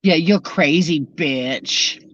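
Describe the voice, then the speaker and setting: A woman's voice: low-pitched, very slow, dry recording. An Australian woman hosting a livestream from her car, chatting casually and bluntly with plenty of swearing as she reacts to chat. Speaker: livestream host reading chat. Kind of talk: casual chat while driving. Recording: dull, dry lo-fi sound.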